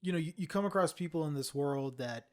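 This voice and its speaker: A man's voice: on the high side, brisk, darkish tone. A man hosting a casual podcast chat, listening with short replies and then reflecting on his friend's story. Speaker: podcast host.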